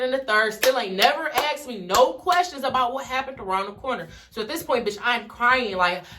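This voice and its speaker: A young woman from Detroit telling a story in a casual vlog, swearing freely and acting out everyone's lines. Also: fairly high pitch. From Detroit, USA. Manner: animated, swears freely, acts out the dialogue. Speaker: vlogger.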